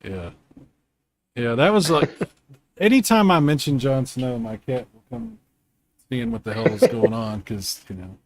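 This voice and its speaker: A man's voice: mid-range voice, big pitch swings. Chatty man hosting a gaming show. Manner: chatty, rambling, quick to laugh. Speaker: host. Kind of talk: casual gaming chat. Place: home.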